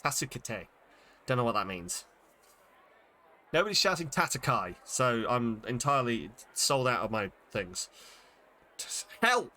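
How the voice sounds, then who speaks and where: A man's voice: medium pitch, lively intonation, moderate pace, pushed and bright. A man streaming a game, chatting casually and thinking aloud as he sounds out Japanese words, with many fillers. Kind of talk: casual live-stream chat while reading Japanese.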